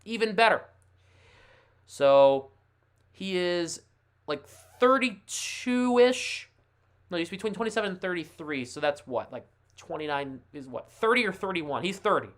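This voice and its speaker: A man hosting a casual live sports stream, thinking aloud in a chatty, excitable way. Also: high voice, unhurried. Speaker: livestream host.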